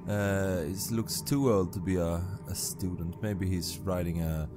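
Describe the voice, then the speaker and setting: A male game master with a very low voice, unhurried and hesitant, filling his scene descriptions with uh's. Soft music sits faintly in the background. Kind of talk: narrating a tabletop game.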